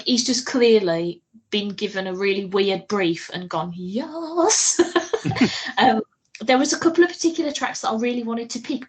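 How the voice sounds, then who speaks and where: A woman's voice: medium pitch, rough recording. A woman with a British accent co-hosting a podcast, chatting casually, swearing freely and laughing easily. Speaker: podcast co-host. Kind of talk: casual chat.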